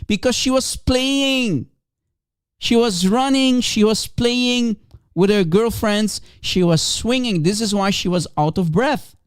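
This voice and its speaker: A man's voice: high-pitched, slow pace, clear, resonant tone, dry recording. Mocking man, Arabic native speaker, dry close mic. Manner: mocking, scornful, laughing at his opponent; emphatic, repeats points to drive them home. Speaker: religious debater streaming commentary. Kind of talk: livestream commentary.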